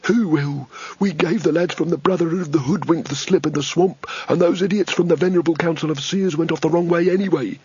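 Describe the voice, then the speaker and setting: A man's voice: a little high, a little fast, a little mellow, slightly rough, dry recording, muffled recording, voice pushed up. A man doing a snarling wizard leader. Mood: bossy. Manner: snarling, bossy. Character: gruff male wizard gang leader, bossy and snappish.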